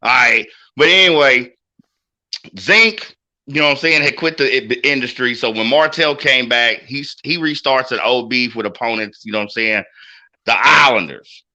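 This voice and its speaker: A man's voice: medium pitch, moderate pace, sharp tone. A man hosting a casual wrestling podcast, telling stories in a loose, profane way. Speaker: podcast host.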